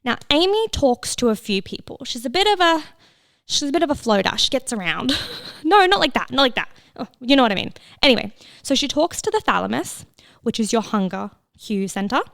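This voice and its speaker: Hosting her own laid-back podcast, this woman talks a little fast in a high, gravelly, slightly bright voice with big swings in pitch. She laughs, swears without holding back, and now and then whispers. It's studio quality with no echo, recorded on a close mic for headphone listeners.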